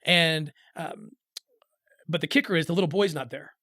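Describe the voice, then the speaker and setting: A middle-aged man telling a personal story in an interview, earnest and halting, with many restarts as he acts out the voices of others. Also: fairly high pitch, sharp tone, no echo, studio quality. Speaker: interview guest.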